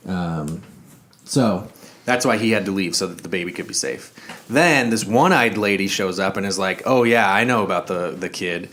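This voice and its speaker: A man's voice: low-pitched, animated, normal speed, a bit bright. A man co-hosting a casual movie review podcast, retelling the plot loosely with fillers and quoted asides. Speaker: podcast co-host.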